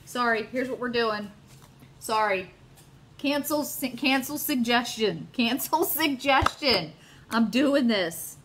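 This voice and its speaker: Woman, middle-aged, chatty live craft host, gushing, talks to viewers, fairly high voice, at home. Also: lively intonation, takes it slowly, fairly bright tone, slight background noise. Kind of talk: casual live crafting demo.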